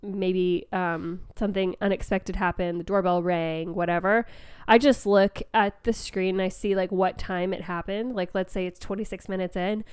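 A woman's voice: fairly low pitch, fairly even intonation, moderate pace, few pauses, darkish tone, clean tone. A woman co-hosting a podcast in casual chat, a little congested, speaking into a mic on a stand and filling her talk with "like" and "um". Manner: chatty, full of "like" and "um" fillers, laughs often. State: slightly congested. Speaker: podcast co-host. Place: indoor room at a small table. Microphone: microphone on a stand.

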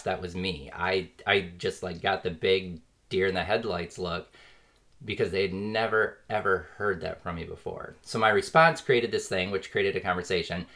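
A podcast host, likely in his thirties, talks in a low-pitched, slightly bright voice. His casual, reflective monologue is earnest and rambling, packed with "like" fillers and small chuckles now and then.

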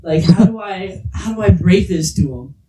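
High-voiced young man telling a story. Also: moderate pace, poor audio. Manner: animated, acts out quoted voices. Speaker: podcast co-host. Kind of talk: casual chat, storytelling.

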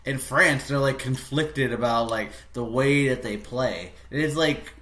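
A man's voice: medium pitch, a little slow, a bit bright. Laughing American man in an echoey room. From United States. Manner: rambling, laughs often, restarts often. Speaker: podcast host. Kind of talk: casual chat. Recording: echoey room, faint background noise.

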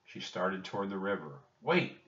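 A man reading a children's chapter book aloud with expressive storytelling. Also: low voice, unhurried. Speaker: audiobook reader. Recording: distant roomy dull home recording.

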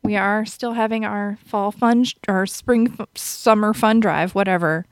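A woman's voice: mid-range voice, fairly even intonation, measured pace, no echo, clean studio sound. A woman hosting a podcast, chatting casually about a movie, rambling, laughing often and restarting her sentences. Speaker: radio and podcast host.

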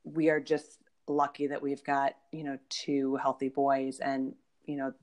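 A woman's voice: rumbling low, little pitch movement, unhurried, a little mellow. A woman in her thirties, a guest in a casual conversation, talking in an upbeat, chatty way full of "you know".

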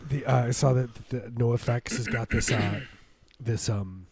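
A man co-hosting a loose comedy radio chat, his voice mellow and relaxed. He rambles through silly bits and trails off mid-thought. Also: mid-range voice, moderate pace, breathy edge, no echo. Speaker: co-host.

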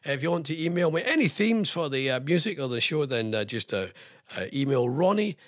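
A man's voice: fairly high pitch, sing-song, brisk, dry recording, studio quality. A man with a Scottish accent hosting a radio show, reading quirky news stories and adding wry joking asides in a chatty way.

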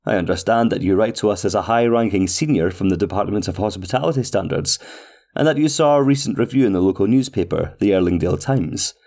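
A man's voice: fairly low pitch, fast talker, darkish tone, lightly acted. A man reading as a pompous restaurant manager. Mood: courteous. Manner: formal, flowery and overly polite. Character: pompous male restaurant manager writing a letter. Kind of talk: scripted reading of a letter.

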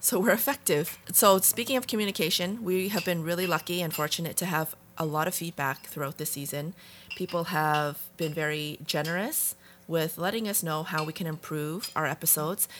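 A woman's voice: deep voice, moderate pace, fairly bright tone, a little hiss or hum. A woman co-hosting a podcast, talking in a reflective, frank way and now and then swearing. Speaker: podcast co-host. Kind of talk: casual conversation.

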